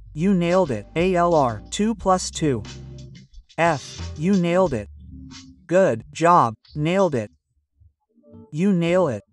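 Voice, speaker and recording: Man drilling English phrases, a bit distant. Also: fairly high pitch. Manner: repeats phrases over and over, drilling pronunciation. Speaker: English pronunciation teacher. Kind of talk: phrase-by-phrase language lesson.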